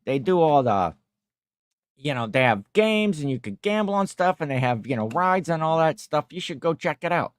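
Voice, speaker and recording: A man's voice: on the high side, normal speed, no room sound, clean studio sound, voice pushed up. A man putting on an eager, pushy guy. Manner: animated, pushy, repeats "you know". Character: eager, chatty man urging friends to a festival.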